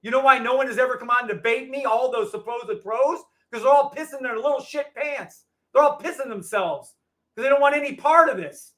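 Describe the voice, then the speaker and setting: A man hosting a live trading show, ranting in a loud, profane, combative way to his viewers. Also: extremely high pitch, fairly quick. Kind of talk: heated livestream rant.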